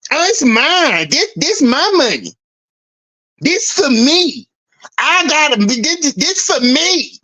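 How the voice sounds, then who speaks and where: A man's voice: very high-pitched, very animated, slow, pushed and bright, pitched above the performer's own voice, heavily acted. A man mocking a whiny, selfish moneyed man. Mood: petulant. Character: whiny self-centered man hoarding his money.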